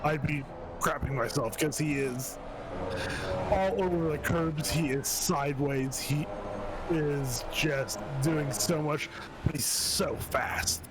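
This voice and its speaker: A man commentating a sim race in a casual way, laughing and thinking out loud, with hiccups. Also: on the high side, slow pace, heavy background noise. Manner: relaxed, laughing, thinking aloud with restarts.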